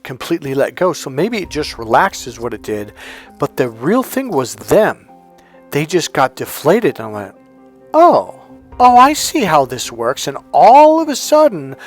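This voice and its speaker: A man coaching viewers in a casual monologue, acting out quoted dialogue as he tells stories. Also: on the high side. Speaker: life coach.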